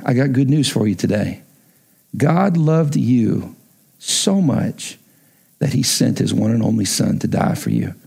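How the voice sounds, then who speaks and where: A man's voice: medium pitch, creaky, darkish tone, slightly rough. A male pastor preaching a sermon emphatically, repeating his key lines for effect.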